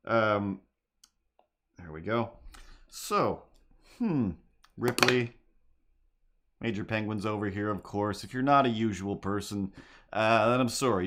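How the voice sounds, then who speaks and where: A fairly low-voiced man hosts a casual livestream from home while he draws. He rambles in a goofy, self-mocking way, and his voice sounds a bit worn. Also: fairly bright tone. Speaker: livestream host and artist. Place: home apartment.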